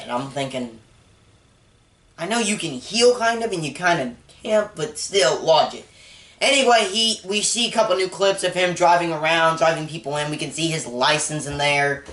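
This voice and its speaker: A young man giving a casual, rambling movie review, excitable and full of restarts. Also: on the high side. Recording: roomy echo.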